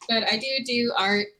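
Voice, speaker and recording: A woman's voice: a little high, pushed and bright, rough recording. A woman who plays in and streams tabletop games, bantering playfully with joking curses and frequent laughter. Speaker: player and fellow streamer. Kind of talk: casual banter in a game session.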